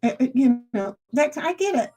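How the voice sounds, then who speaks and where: A woman's voice: sits high, big pitch swings, moderate pace, dark tone. A woman streamer chatting casually with her viewers, rambling and laughing often. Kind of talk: casual live-stream chat.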